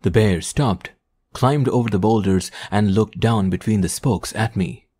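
A man narrating an adventure audiobook in a measured, descriptive storytelling manner. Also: fairly low pitch, dark tone, slightly rough. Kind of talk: scripted narration.

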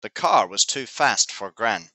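A man teaching English, reading a children's story aloud slowly and clearly. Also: fairly low pitch, sing-song, bright, forceful tone, no echo. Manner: slow, clear, deliberate reading.

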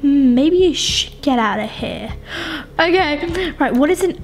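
A young woman giving excitable gaming commentary, shrieking and pleading with characters on screen. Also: sits high, measured pace. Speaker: gaming YouTuber. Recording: game music behind voice. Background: music.

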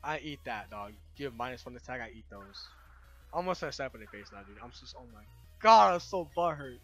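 A young man commentating his own video game playthrough with loud, exasperated outbursts and slangy talk. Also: mid-range voice, animated, a little fast, soft background music. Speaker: let's play host. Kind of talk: gaming commentary.

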